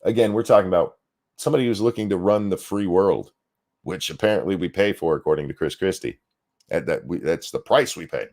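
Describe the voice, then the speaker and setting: A man's voice: deep voice, fairly quick, darkish tone. A man giving a blunt, sarcastic reaction rant, swearing freely while fighting the hiccups. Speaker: political commentary streamer.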